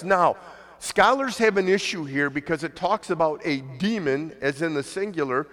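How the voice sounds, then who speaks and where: A pastor preaches a sermon in a relaxed, conversational style at a moderate pace, his voice a little high for a man. He acts out the voices of the people he quotes, and the sound carries long reverb from a church hall.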